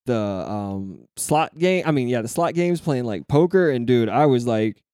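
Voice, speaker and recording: A man's voice: medium pitch, animated, a little slow, mellow, no echo. A young man talking in a loose, rambling way, full of swearing and easy laughs. His voice sits mid-range and sounds close and dry, with no room around it. It is casual chat between friends.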